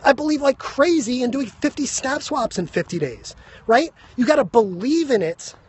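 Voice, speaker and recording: A man pitches motivational steps in quick, punchy bursts and keeps tagging his points with "right?". His voice sits high and a little husky, and he sounds out of breath. It comes through a phone live stream. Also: lively intonation. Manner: fast, emphatic, keeps asking "right?". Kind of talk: energetic motivational talk to viewers. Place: high school grounds.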